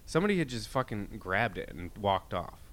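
A man's voice: on the low side, big pitch swings, brisk, a bit bright. A man co-hosting a podcast, telling rambling stories in casual, profane chat with many restarts. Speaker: podcast co-host.

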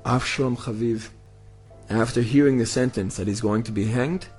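A man's voice: mid-range voice, moderate pace, a little mellow, husky, faint music behind. A man teaching history with dramatic emphasis, building to emphatic peaks. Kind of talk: impassioned history lesson.

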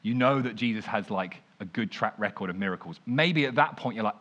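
Young preacher, chatty and lively, swings from hushed to bright. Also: male voice, fairly low pitch, brisk, few pauses, muffled recording. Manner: animated, conversational, frequent "like". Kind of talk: informal sermon storytelling.

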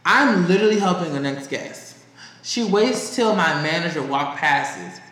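A man co-hosting a podcast, telling a work story in a casual, profane, animated way. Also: a little slow. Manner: animated, profane, high-pitched when quoting others. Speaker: podcast co-host. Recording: echoey room.

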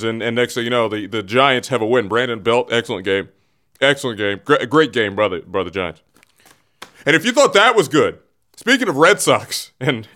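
A man's voice: on the high side, fairly bright tone. A man hosting a short sports show, rambling and sarcastic as he comments, often repeating himself.

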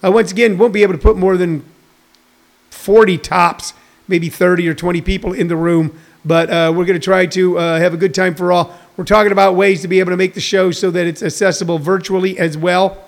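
Speaking fairly quickly in a high, steady-toned voice with vocal fry, a man in his sixties chats with live stream viewers. He's a comedian, casual and jokey, rambling from stories to news and addressing the audience directly.

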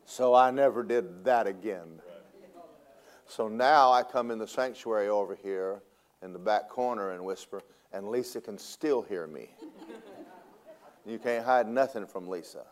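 A man preaching a sermon as pastor, animated and humorous, swinging between loud preaching and hushed asides. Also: lowish voice, unhurried. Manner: humorous storytelling, laughs at own jokes.

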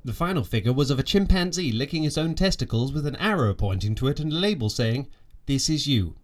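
A man's voice: medium pitch, lively intonation, brisk, natural voice. A man playing a pompous, petty ship's naturalist who reads out stiff, self-important letters and diary entries in a comic audio drama. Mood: deadpan.

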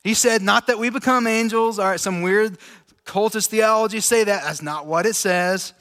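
A man preaching a relaxed, chatty sermon to a room of listeners, laughing easily as he talks. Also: high-pitched, normal speed. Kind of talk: casual conversational sermon. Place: large room with an audience. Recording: echoey hall with long reverb.

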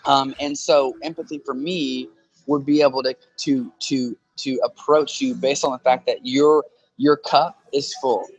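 A man's voice: medium pitch, fairly even intonation, a little slow, breathy edge, dull audio. A man in a casual conversation who talks into a handheld phone, explaining earnestly through analogies and often checking in with "right?".

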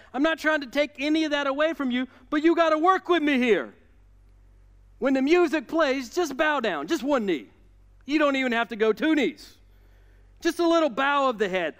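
A man's voice: extremely high pitch, pitched above the performer's own voice. A preacher putting on a coaxing, menacing king. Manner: wheedling and coaxing, turning to threats. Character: smooth-talking, menacing ancient king, middle-aged man. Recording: long reverb in a large hall.

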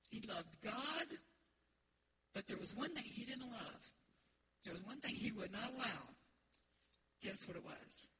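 A middle-aged woman from the United States, preaching an emphatic, animated sermon as pastor in a church. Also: on the high side, a little slow, pauses often, background noise. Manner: emphatic, animated preaching with laughter and call-outs. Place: church sanctuary.

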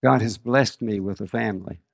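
An older man preaching a sermon, reading scripture and telling personal stories in a slow, measured way. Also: fairly low pitch, creaky, no room sound, clean studio sound.

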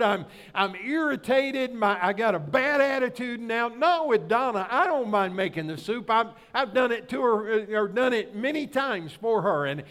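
A middle-aged male pastor with a high-pitched voice that rides above most men's, preaching in a folksy, storytelling manner. He keeps turning to the congregation with rhetorical questions as he makes his point. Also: a bit bright. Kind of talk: sermon with personal story.

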